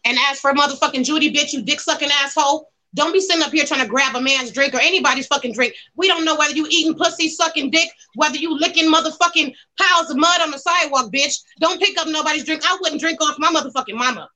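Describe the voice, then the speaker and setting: A high, bright-voiced woman with tears into celebrities. She is brash and crude, firing off insults and swear words. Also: fast, hardly any pauses, low-quality recording. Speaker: caller on a celebrity gossip show. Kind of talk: profane celebrity gossip rant.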